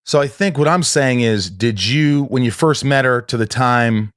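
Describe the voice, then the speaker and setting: A man telling a long personal story in casual conversation, halting and restarting often. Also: mid-range voice, fairly bright tone, no room sound, studio quality. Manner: rambling, halting, with many restarts.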